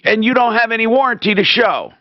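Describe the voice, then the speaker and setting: A man hosting a call-in radio show, animated and quick to interrupt with questions. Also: extremely high pitch, no echo. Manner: animated, interrupting, exclaims in disbelief. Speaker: radio talk show host. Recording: dull lo-fi radio stream.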